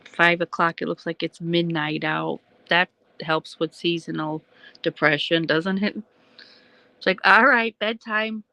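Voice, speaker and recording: A woman's voice: low voice, flat delivery, a little slow, gravelly, pushed and bright, poor audio. A woman hosting a casual livestream, rambling chattily at night from home and answering viewers' comments. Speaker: livestream host.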